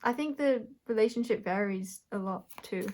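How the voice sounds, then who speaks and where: Woman doing a tarot reading, mid pitch, keeps rephrasing herself, thinking out loud. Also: normal speed, a little hiss or hum. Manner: searching, self-correcting, thinks aloud with soft laughs. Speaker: tarot reader. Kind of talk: intuitive tarot reading to camera.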